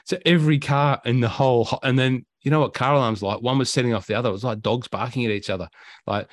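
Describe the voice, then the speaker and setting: Speaking quickly in a mid-range voice, this man hosts a podcast and tells travel tales in relaxed conversation. He has an Australian accent and gets animated, performing quotes and sound effects, with no room sound in the clip.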